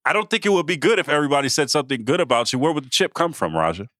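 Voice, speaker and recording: A man's voice: fairly high pitch, very animated, rapid-fire, fairly bright tone, dry recording, clean studio sound. A man co-hosting a sports podcast, chatting loosely and trailing off with fillers. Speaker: podcast co-host. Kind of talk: casual sports chat.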